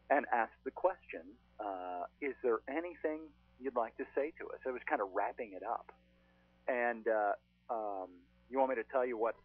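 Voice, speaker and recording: A man's voice: medium pitch, slightly rough, dry recording. A man as a paranormal investigator guest on a podcast, telling his stories in a chatty way with lots of fillers. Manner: chatty, storytelling, frequent "uh" fillers. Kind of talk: casual podcast chat. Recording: thin phone-line sound.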